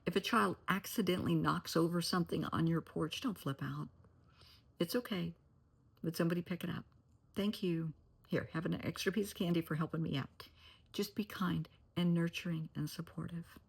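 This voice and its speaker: A middle-aged woman with a low, gravelly voice and a husky, breathy edge, talking straight to camera as a therapist. She gives earnest, cautionary advice and often sinks to a near-whisper to press a point. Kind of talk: direct-to-camera advice talk.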